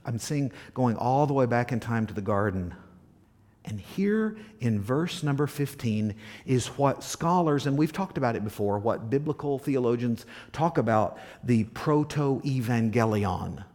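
A male pastor preaches with a mid-range, expressive voice at a slightly slow pace. He asks the congregation questions and alternates between loud emphasis and soft near-whispers.

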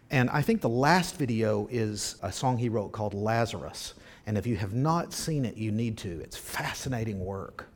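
A man preaching a sermon, telling a story, then reading scripture and old verse aloud with sudden loud, drawn-out emphasis. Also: mid-range voice. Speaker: pastor.

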